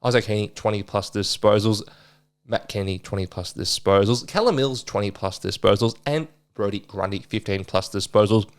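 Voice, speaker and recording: A man hosting a casual sports betting preview, chatty and excitable, correcting himself with quick asides. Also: on the low side. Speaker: sports tipping podcast host.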